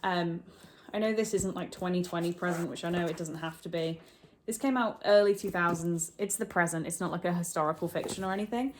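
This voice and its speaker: A young woman chatting casually for a reading vlog at home, candid and rambling, with quick asides. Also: lowish voice, slight background noise. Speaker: book vlogger. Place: at home, partly from bed.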